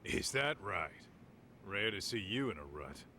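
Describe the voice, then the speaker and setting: Deep-voiced laconic detective, sharp tone, faint noise. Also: male voice, big pitch swings, unhurried, heavily acted. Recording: game audio heard faintly.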